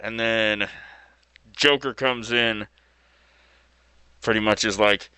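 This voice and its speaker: Slow, bright-voiced laid-back man. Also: fairly low pitch, fairly even intonation, smooth, no echo. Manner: laid-back, loose with fillers and mild slang. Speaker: video host. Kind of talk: casual retelling of a story.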